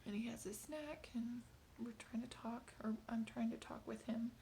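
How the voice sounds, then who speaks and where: A woman in her thirties talks to camera in a personal video diary, her voice soft, half-whispered and halting, tearful in places. The tone is low-set and mellow with a gravelly edge, over faint background hiss. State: tearful, crying at times. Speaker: mother.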